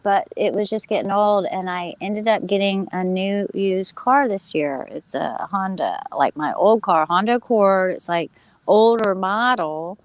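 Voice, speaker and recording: A woman casually telling a personal story to a group, animated and quickly fired up, talking to her listeners directly. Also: mid-range voice, rough recording. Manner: animated, gets fired up, acts out quoted voices; talks to listeners as "you guys".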